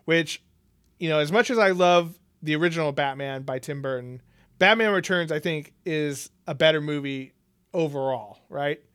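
A man's voice: a little high, moderate pace, fairly bright tone, smooth, no echo, clean studio sound. A man co-hosting a casual movie chat, laughing often and swearing freely as he rambles. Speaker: podcast co-host.

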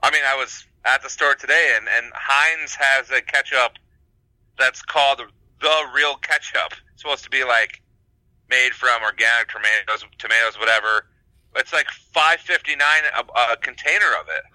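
Man, podcast co-host, casual chat, bright forward voice, dry close sound. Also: medium pitch, normal speed, dry recording, rough recording. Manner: laughs often, hesitant with many fillers.

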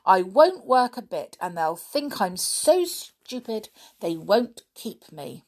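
A woman's voice: mid-range voice, big pitch swings, slow, darkish tone, full character voice. A woman voicing a spoilt, defiant little girl, pouting and wheedling for a storybook reading.

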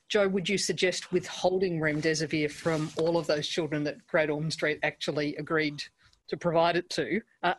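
Brisk panel moderator. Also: medium pitch, rough recording.

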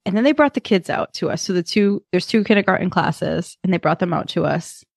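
Woman in her 30s, podcast co-host, storytelling all animated, acting out voices, dry close sound. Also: lowish voice, brisk, vocal fry, husky, no room sound. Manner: animated storyteller, acts out kids and herself. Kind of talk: casual storytelling chat.

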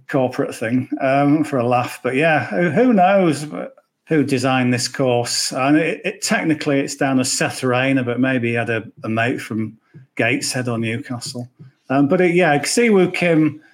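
Chatty English golf betting pundit. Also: male voice, medium pitch. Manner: chatty, rambling, jokey asides. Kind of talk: casual podcast chat.

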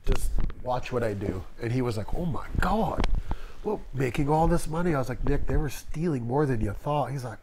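A man's voice: mid-range voice, lively intonation, a little fast, a little mellow. A man in his thirties from Las Vegas, a tattoo artist telling candid, emotional stories in a casual interview and swearing freely.

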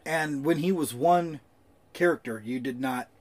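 A podcast co-host with a fairly high voice speaks at a measured pace. He tells relaxed, joking stories in casual chat, cursing without restraint.

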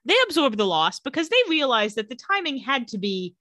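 Woman recapping a tv episode for a podcast, bright tone, voice jumps all over, dry close mic. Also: on the high side, fairly quick, dry recording. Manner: animated storytelling, laughs often. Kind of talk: casual recap chat.

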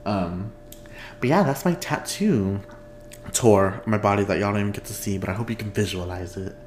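A man with a somewhat low voice talks loosely on his podcast, wandering off topic and breaking into laughter. He is recorded at home, and the room's echo hangs around his words. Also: normal speed, slight background noise. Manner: chatty, rambling, laughs often. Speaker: podcast host. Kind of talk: casual chat. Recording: echoey room.

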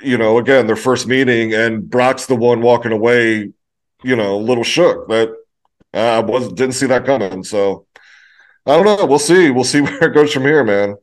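Hesitant, laid-back man chatting. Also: medium pitch. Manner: halting, hesitant, full of restarts and laughs. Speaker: podcast co-host. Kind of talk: casual podcast chat.

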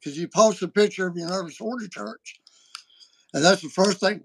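A man hosting a podcast, talking in a casual, animated and folksy way. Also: high voice, moderate pace, husky. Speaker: podcast host. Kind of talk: casual chat.

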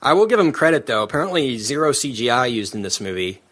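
A man with a bright, forward voice hosting a casual film review podcast. He talks in an animated, opinionated way and often laughs mid-sentence, with casual, rambling delivery. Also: medium pitch, fast talker. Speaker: podcast host. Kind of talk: casual movie review chat.

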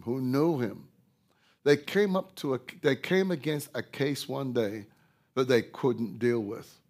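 Slow, emphatic male preacher. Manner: emphatic, rises loudly on scripture quotes, drops low on reflection; slow, deliberate preaching with repetition. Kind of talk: sermon.

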